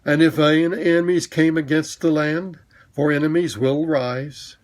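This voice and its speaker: A man's voice: a little high, fairly even intonation, a little slow, natural voice. A man voicing a great noble male lion king in a storybook reading, speaking in a solemn, commanding and formal way.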